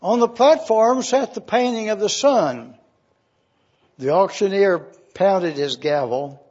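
Slow, husky-voiced man preaching. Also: high voice, a little mellow, lo-fi sound. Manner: slow, earnest storytelling, acting out voices in the story. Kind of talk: sermon illustration told as a story.

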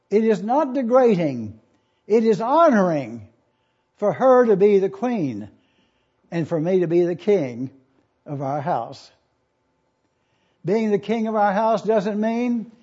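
A man in his eighties preaching a sermon, reading scripture and stressing his points by repeating questions slowly. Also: high voice, warm tone. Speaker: pastor. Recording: dull lo-fi recording.

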